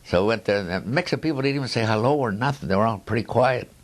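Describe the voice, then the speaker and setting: A man's voice: medium pitch, rapid-fire. A man in his nineties telling war stories in a rambling oral history, chuckling at his own tales and restarting his sentences. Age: 90s. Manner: frequent restarts and trailing asides.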